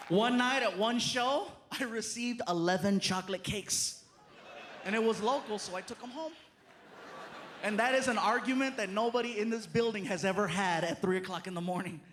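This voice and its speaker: Animated, high-voiced man doing stand-up. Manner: animated storytelling with frequent laughs and asides. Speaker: stand-up comedian. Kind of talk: live stand-up comedy set. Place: stage in a theater before a live audience. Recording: noisy live crowd in a theater.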